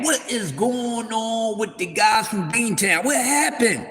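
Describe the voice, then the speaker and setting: A man hosting a casual sports talk livestream, rambling loudly with playful trash talk and shout-outs to his viewers. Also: high-pitched, animated, slow, in a large hall, soft background music. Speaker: livestream host.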